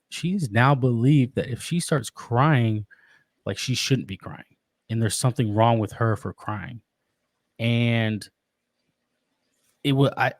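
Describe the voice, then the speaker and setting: A man talking as a podcast guest about being a father, earnest and reflective, often pausing and restarting his sentences. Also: medium pitch, a little mellow, no room sound. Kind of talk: casual interview.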